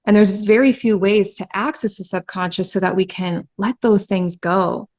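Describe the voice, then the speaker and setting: A woman breathwork practitioner being interviewed, telling client stories in an animated way with many "like" and "I mean" fillers. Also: mid-range voice, moderate pace. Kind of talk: casual interview storytelling.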